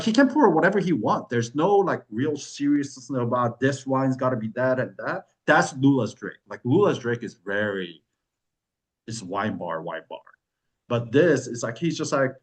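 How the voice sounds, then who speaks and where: A man hosting a wine club chat, casually telling a long story, swearing and acting out other people's lines in quick bursts. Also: poor audio. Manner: animated, swears, acts out quoted voices with big pitch jumps.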